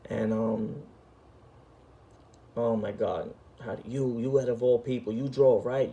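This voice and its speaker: A man's voice: medium pitch, steady tone, measured pace, mellow. A middle-aged man, telling a story in an emphatic, profane, street-talking way. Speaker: storyteller host. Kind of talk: casual storytelling.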